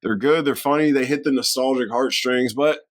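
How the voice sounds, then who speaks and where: A man's voice: medium pitch, moderate pace, dry recording, studio quality. A man co-hosting a podcast in casual chat, laughing a lot and quoting film lines in put-on voices. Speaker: podcast co-host.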